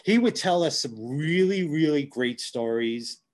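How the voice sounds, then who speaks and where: A man telling road stories as a guitar tech guest, animated and swearing when excited. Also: fairly high pitch, unhurried, crowd noise. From Long Island, New York. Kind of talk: casual storytelling.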